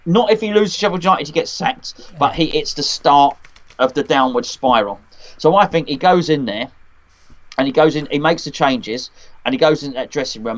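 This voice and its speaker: A man chats casually about his team's chances, starting and restarting his thoughts. His voice sits slightly high. The audio is dull and lo-fi. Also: fairly quick. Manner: hesitant, full of restarts and ums. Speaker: co-host. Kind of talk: casual football chat.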